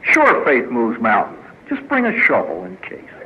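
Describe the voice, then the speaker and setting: Animated priest on a tinny old recording. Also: male voice, medium pitch, moderate pace. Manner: storytelling with punchlines, voices quoted characters. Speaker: priest speaking at a recovery meeting. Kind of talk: humorous inspirational talk. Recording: tinny lo-fi archive recording with faint hiss.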